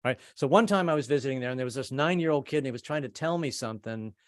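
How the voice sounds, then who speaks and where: Over a video call, a male stand-up comedian rambles through his set at a racing pace, stammering, repeating himself between jokes, and slipping into put-on voices. His pitch is medium, and the audio is studio quality with no room sound.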